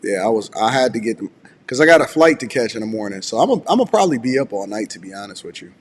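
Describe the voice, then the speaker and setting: A man hosting a casual live stream from home, relaxed and a bit groggy with a slightly raspy voice, chatting and reading viewer messages aloud. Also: lowish voice, quick pace, big-room sound. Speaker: host.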